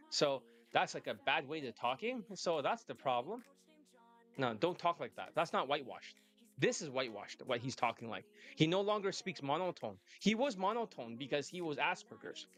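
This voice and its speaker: A man's voice: a little high, a bit bright. A man coaching his students live, talking bluntly and swearing often as he lectures. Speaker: dating coach.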